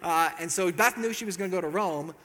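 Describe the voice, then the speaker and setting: A man's voice: high-pitched, fast talker, a bit bright, big-room sound. A man giving a talk and telling a self-mocking story about his marriage, laughing at his own jokes.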